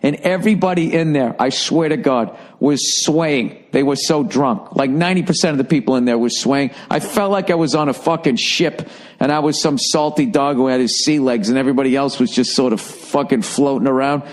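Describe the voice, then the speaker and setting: A man from the Boston area hosts a podcast, speaking a little fast in a mid-range voice. His casual monologue is a profane, wandering story, and he grows animated when quoting people.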